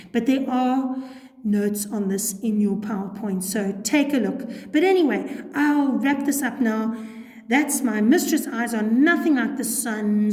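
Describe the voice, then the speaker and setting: In a recorded poetry lesson, a female teacher with a fairly high but darkish voice walks her class through a poem step by step. She frequently pauses to say "okay," and the room is echoey with lingering reverb.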